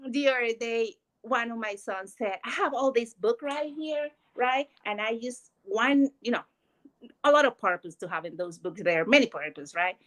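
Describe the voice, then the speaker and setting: A woman whose first language is Spanish appears as a guest, giving a personal testimony about work and family in an earnest, emotional way. Her voice is on the high side at a normal speed, and the recording is rough.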